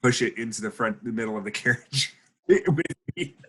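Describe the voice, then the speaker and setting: Playful, bright-voiced male player. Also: medium pitch, steady tone, normal speed, husky.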